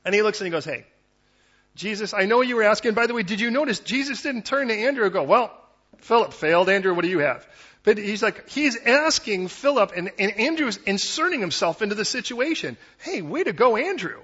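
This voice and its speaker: Male pastor, high husky voice, lively conversational preaching, dull lo-fi sound. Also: a little fast. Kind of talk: sermon.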